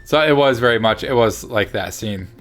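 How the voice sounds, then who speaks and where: A man's voice: mid-range voice, normal speed, fairly bright tone. A man co-hosting a movie review show, chatting casually and enthusiastically with many restarts. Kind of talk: casual chat.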